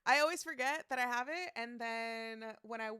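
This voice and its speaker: A woman's voice: fairly high pitch, moderate pace, bright, forceful tone, clear, resonant tone, dry recording, studio quality. A woman streaming live, chatting casually, reading out chat messages and greeting viewers by name, laughing often.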